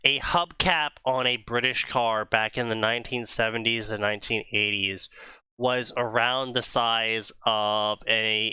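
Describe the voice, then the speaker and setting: A man's voice: lowish voice, bright, forceful tone, clean tone, no echo. A man co-hosting a casual comedic fanfiction reading stream, rambling through jokey explanations.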